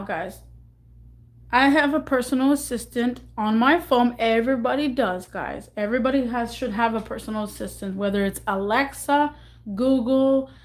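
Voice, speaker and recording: Young woman, slightly high voice, rambling halting storyteller, emotional vlog storytime. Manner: halting, repeats herself, rambling. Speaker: vlogger.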